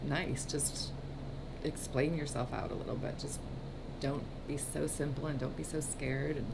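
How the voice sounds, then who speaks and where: A woman's voice: extremely low pitch, little pitch movement, unhurried, gravelly, background noise. A woman co-hosting a dating advice chat, giving frank, matter-of-fact advice. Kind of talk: casual chat.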